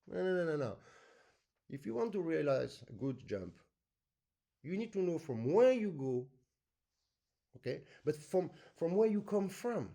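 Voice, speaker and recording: Animated man teaching accordion. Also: fairly high pitch, unhurried, vocal fry, long pauses. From France. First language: French. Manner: animated, sings rhythms in syllables, non-native English phrasing. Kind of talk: masterclass teaching with sung demonstrations.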